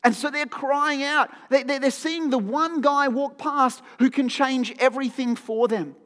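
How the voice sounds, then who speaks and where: Male preacher with a high voice, chatty and earnest, repeats lines for emphasis, recorded in a reverberant church hall. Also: fairly even intonation, a little slow, sharp tone. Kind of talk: sermon.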